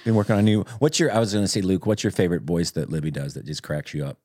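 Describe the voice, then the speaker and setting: A man hosts a relaxed podcast chat, teasing his guests and breaking into high laughs. His pitch leaps and swoops all over. The sound is dry and close. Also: rapid-fire, no echo. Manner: chatty, teasing, with sudden high laughing outbursts. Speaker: podcast host.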